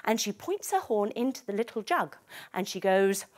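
A woman telling a story as a yoga teacher for children, playful and animated while she gives gentle instructions. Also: medium pitch, normal speed, soft background music.

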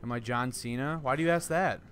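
A young man streaming a horror game, talking to his chat in an excitable, jumpy way with lots of swearing. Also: medium pitch, a little fast, background noise. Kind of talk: live gameplay commentary. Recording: voice over game music. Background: game music.

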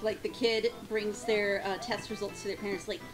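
A woman's voice: mid-range voice, level tone, moderate pace, over loud music, poor audio. A woman chatting casually while watching a friend play a video game, rambling and trailing off into giggles. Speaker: co-host of a gaming channel. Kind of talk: casual group chat during a let's play.

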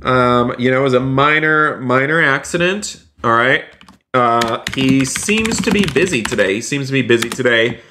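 An eager man commentates his game stream in a voice of ordinary pitch. He narrates every move to his viewers with constant exclamations and says many lines twice. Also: animated, moderate pace, sharp tone. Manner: repeats phrases, keeps saying "you guys". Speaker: streamer playing a roleplay game.

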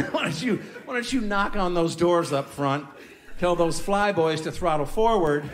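A man's voice: high-pitched, lively intonation, a little slow. A man performing a stand-up comedy set, telling a story with punchy delivery and mocking voices, recorded live in a comedy club. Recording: live club recording with audience laughter and noise. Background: audience laughing.

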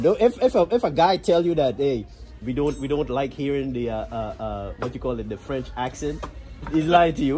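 A man's voice: mid-range voice, lively intonation, normal speed, darkish tone. A jovial man with a Guyanese accent shows guests around his market cafe. His voice rises and falls constantly as he jokes and laughs. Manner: jovial, laughs often, upbeat tour-guide patter. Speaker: cafe host. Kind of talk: casual chat on a food tour. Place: outdoor market cafe table.

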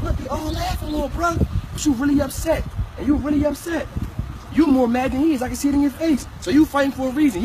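A man pleads with a group of teenagers outdoors, repeating himself, full of slang and "yo." His voice sits very high and the phone that caught it was well away from him. Street noise is clearly audible. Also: recorded from a distance. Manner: urgent, repetitive, slangy, peppered with "yo". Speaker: passerby addressing teenagers. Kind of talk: impassioned street lecture.

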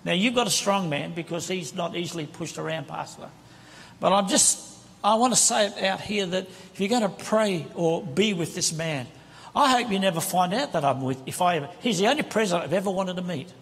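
Preaching from the pulpit as a guest in a large church sanctuary, a man speaks with impassioned, conversational energy on a handheld mic. His voice sits high and is fairly bright, with lively intonation, a fairly quick pace and vocal fry. The recording captures a reverberant church hall with the congregation present.

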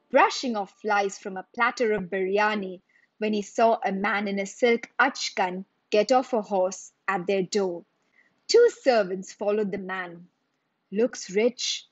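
A woman reads a children's story aloud at a slow, measured pace, at an ordinary pitch. The sound is dry and a little muffled. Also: dry recording.

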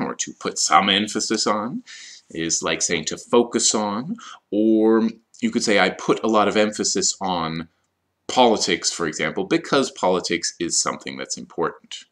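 Low-voiced guy explaining vocab slowly for esl learners, goes over words again. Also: fairly bright tone. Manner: slow, explanatory, repeats key words. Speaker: ESL teacher. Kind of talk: vocabulary lesson.

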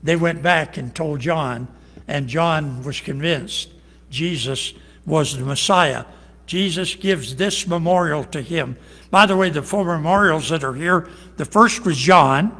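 A pastor preaching an evening sermon, quoting scripture in animated, rising bursts. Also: male voice, on the high side, a little slow, big-room sound.

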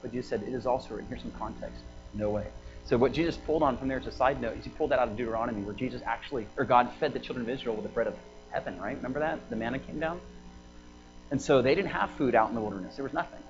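A man's voice: medium pitch, very fast, muffled recording, music in the background. A man preaching a sermon in a conversational way, with laughing asides and fillers. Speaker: pastor. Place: church prayer house.

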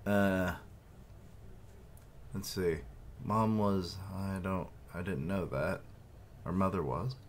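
Deep-voiced man reacting to a comic live. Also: steady tone, takes it slowly, pauses often, slight background noise. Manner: hesitant, with fillers and asides. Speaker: manga reaction streamer. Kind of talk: casual live reading and commentary.

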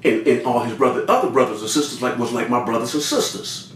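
A man telling a story in an animated way, addressing his listeners directly and acting out other people's lines. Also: quick pace. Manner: talks straight to listeners, repeats cues to remember; acts out other people's lines with big pitch jumps. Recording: roomy sound from a distant mic with faint noise.

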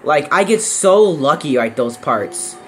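A man's voice: fairly high pitch, very animated, a little slow, faint music behind. A young man casually commenting on his own horror game playthrough, jumpy and yelping when startled. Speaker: gameplay commentator. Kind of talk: casual let's-play commentary.

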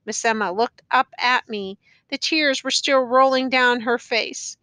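A woman narrates an audiobook in a measured, even way. Her voice sits high and sounds bright. The recording is dry, with no room sound. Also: creaky, clean tone, no echo. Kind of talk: scripted narration.

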